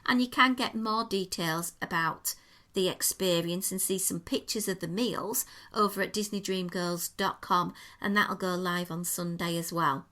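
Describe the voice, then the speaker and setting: A woman tells a podcast co-host all about a restaurant visit. Her voice is bright and forward, and she talks in an easy, enthusiastic way, painting each detail as she goes. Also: fairly low pitch, measured pace. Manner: chatty, descriptive, enthusiastic storytelling. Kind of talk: casual chat, restaurant review.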